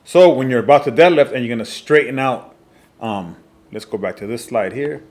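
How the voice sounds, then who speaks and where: Male fitness coach, mid-pitched, teaching from slides, emphatic and repeats key points. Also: moderate pace, a little mellow. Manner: repetitive, emphatic, frequent "all right" checks. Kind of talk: slide presentation lesson.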